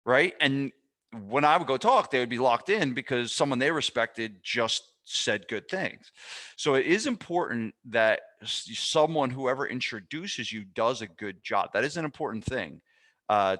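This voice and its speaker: A man hosting a podcast, telling stories in a casual, animated way, often restarting his sentences. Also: medium pitch, moderate pace. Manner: animated storytelling with frequent restarts. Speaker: podcast host and fitness business mentor.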